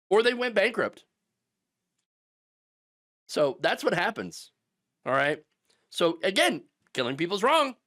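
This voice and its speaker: A man's voice: high voice, a bit bright. A middle-aged man ranting through political commentary, sarcastic and mocking, sometimes putting on the voices of his opponents.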